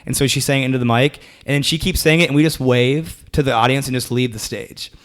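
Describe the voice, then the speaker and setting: Young male comedian, rapid and rambling storyteller, casual interview guest. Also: medium pitch. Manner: rambling, animated, lots of fillers and restarts.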